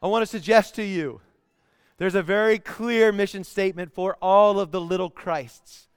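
A pastor delivers a sermon in a high, clear, resonant voice at normal speed, telling stories with animation and sometimes bursting into song. The recording is dry and close.

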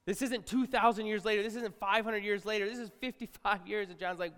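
A middle-aged male pastor preaching to a congregation, talking casually and swinging from quiet asides to loud outbursts. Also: sits high, steady tone, brisk, few pauses. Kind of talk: sermon. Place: large church hall. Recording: live sermon with long hall reverb.

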